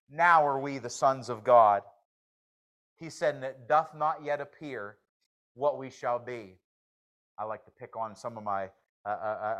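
A man preaching a sermon in a folksy, joking manner, swinging from hushed confession to loud exclamations. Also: mid-range voice, low-quality recording. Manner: shifts from hushed to shouting.

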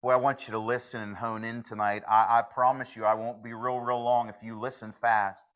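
Folksy pastor guy preaching, earnest and pleading, bright forceful voice. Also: medium pitch, level tone, brisk, smooth. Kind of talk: sermon.

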